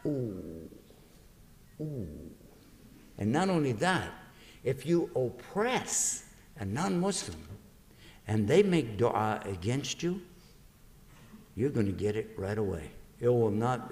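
A man's voice: medium pitch, big pitch swings, unhurried, a little mellow. A man preaching to an audience in a lecture, acting out little dialogues and quizzing his listeners. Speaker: Islamic preacher giving a lecture. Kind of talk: lively religious lecture to an audience. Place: large university lecture hall. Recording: long reverb of a lecture hall.

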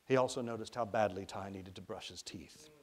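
A man from Arkansas reads his own children's novel aloud. His narration is lively and expressive and leans into the comic action. He sounds like an author at a public reading. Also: on the low side, brisk.

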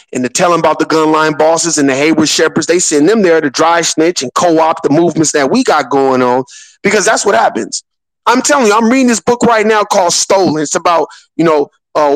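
A man's voice: a little high, dry recording, rough recording. A man, giving impassioned, preachy political commentary on a podcast, full of rhetorical questions. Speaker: podcast co-host.

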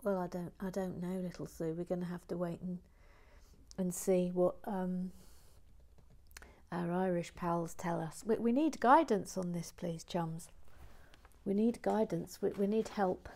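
A woman with a slightly low voice talks casually while building toys. She jokes wryly and drifts into muttered, whispered asides as she works. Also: fairly even intonation, unhurried, vocal fry, darkish tone. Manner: playful, wry. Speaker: host. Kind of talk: casual narration of a toy build.

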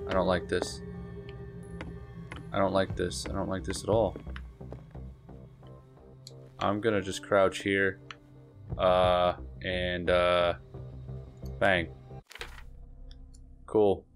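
A man's voice: sits low, level tone, drawn-out words, pauses often, faint music behind. A young man giving casual let's-play commentary, jittery and swearing, repeating himself as he plays. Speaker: gamer.

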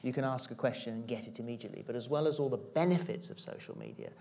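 A middle-aged man, a TV presenter, speaking thoughtfully in a halting way on a stage panel. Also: medium pitch, gravelly, mellow, slight background noise. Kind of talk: panel discussion.

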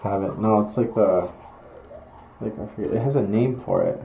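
A woman filming a casual home vlog, chatty and quick to laugh as she talks to the camera. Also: rumbling low, warm tone, slight background noise. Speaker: vlogger filming. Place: home, indoors.

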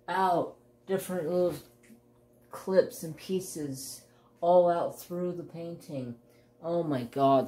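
A woman hosting a crafts channel, chatting casually and gushing with excited exclamations as she unboxes a kit. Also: low voice. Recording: roomy echo, faint ambience.

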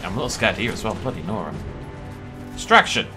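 A man's voice: lowish voice, very animated, fast talker, over music. A British man hosting a let's play, chatting casually and animatedly as he plays and often laughing at himself. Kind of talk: casual gaming commentary.

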